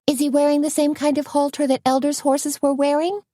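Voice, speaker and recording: Casting: woman voicing a composed, gently brave heroine, hushed and steady, dry close sound. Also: brisk, no echo, natural voice. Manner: calm, low-key, reassuring. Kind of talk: audiobook character voice.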